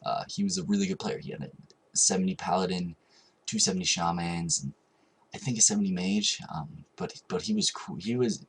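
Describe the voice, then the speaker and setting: A man's voice: low voice, breathy edge. A young man telling a long gaming story in a casual vlog, rambling with frequent ums and restarts. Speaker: vlogger.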